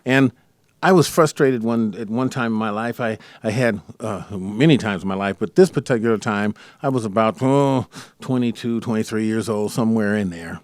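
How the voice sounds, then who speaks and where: A middle-aged man hosting a podcast, telling stories from his life in a casual, conversational way and lively when quoting others. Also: on the low side, normal speed, dry recording, studio quality. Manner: storytelling, animated when quoting his mother. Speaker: podcast host.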